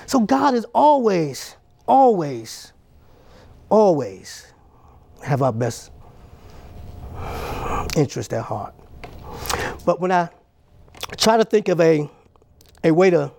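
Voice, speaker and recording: A man's voice: sits high, gravelly, a little mellow. A man preaching a sermon, emphatic and repetitive, building his points up line by line.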